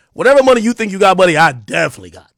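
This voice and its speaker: A man's voice: big pitch swings, quick pace, creaky, no room sound, studio quality. Taunting man ranting on a livestream. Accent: New Jersey. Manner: taunting, confrontational, swings between loud and low. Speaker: livestream host. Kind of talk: heated livestream rant. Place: home streaming room.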